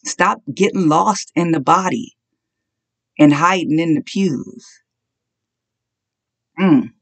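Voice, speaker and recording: A preacher delivering an impassioned sermon of repeated short commands that climbs at times into shouting. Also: mid-range voice, slow, vocal fry, long pauses. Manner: impassioned exhortation, rising to shouts.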